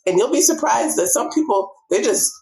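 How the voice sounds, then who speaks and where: A woman's voice: on the high side, expressive, a little fast, vocal fry, darkish tone. A woman speaking as a guest on a podcast, earnest and affirming in a casual chat.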